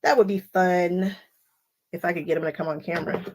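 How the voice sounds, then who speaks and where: A woman's voice: on the low side, steady tone, fairly quick, darkish tone. A woman hosting a quilting live stream, chatting casually and laughing often as she wanders off on tangents while cutting fabric at home. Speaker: quilting channel host. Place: home sewing space.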